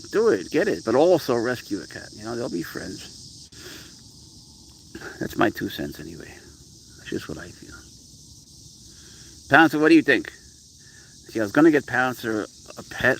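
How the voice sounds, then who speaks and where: A man's voice: medium pitch, fairly bright tone, slight background noise, rough recording. A man chatting casually on a live pet stream, rambling about his cat and answering viewers, his voice rising into baby-talk when he speaks to the cat.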